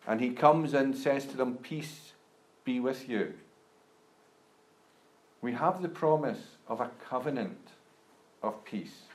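A man delivers a sermon at an unhurried, deliberate pace and lifts his voice emphatically when reading scripture. His voice sits at a middling pitch and carries a roomy echo, as if recorded in a church hall. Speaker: preacher.

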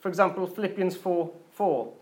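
A man's voice: high-pitched, normal speed. A pastor giving an informal, chatty sermon to his congregation, often laughing and mimicking voices as he talks. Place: church congregation.

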